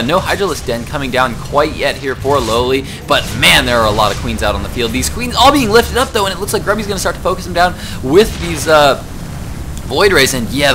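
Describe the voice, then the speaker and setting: A young man doing solo play-by-play commentary on a video game match, talking fast with many fillers and a rough morning voice. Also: a little high. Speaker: esports caster.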